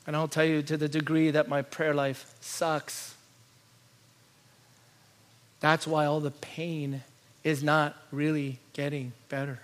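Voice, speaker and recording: A male pastor preaching with a high, bright voice. He drops into low, quiet asides, then climbs into loud, urgent pleading. He asks question after question and stacks repeated lines. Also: little pitch movement, slow, pauses often. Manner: rhetorical questions and repeated lists. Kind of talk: sermon.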